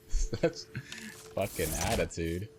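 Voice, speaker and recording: A man with a low voice giving casual commentary while he streams a video game. He is chatty, jokes and swears freely. His stream mic picks up a steady hiss of background noise.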